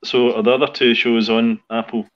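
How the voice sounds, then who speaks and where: A man co-hosting a podcast in casual chat, mostly giving brief reactions and asking quick questions. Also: mid-range voice, level tone, lo-fi sound. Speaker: podcast co-host.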